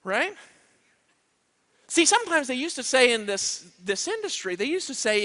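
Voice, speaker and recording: A man's voice: extremely high pitch, sing-song, moderate pace, pauses often, bright, forceful tone. A man giving a live motivational seminar talk, emphatic and checking in with "right?" and "you know what I mean?". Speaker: motivational speaker. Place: event stage.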